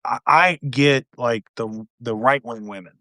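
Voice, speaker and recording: A man's voice: medium pitch, a little slow, sharp tone, no room sound, clean studio sound. A man hosting a podcast, talking in a laid-back, rambling way with lots of restarts. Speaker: podcast host. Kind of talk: casual conversation.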